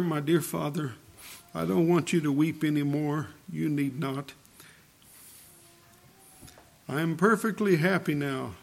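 A dying young man who is repentant and tender, as a man preaching acts him out. He speaks in a soft, hushed voice that sits somewhat high, with a gravelly rasp. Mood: tender, joyful.

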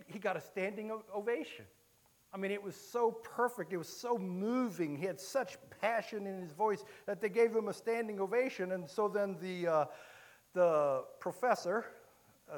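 A man from Illinois preaching a sermon, telling a story with many halting restarts. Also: a little high. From Illinois, USA.

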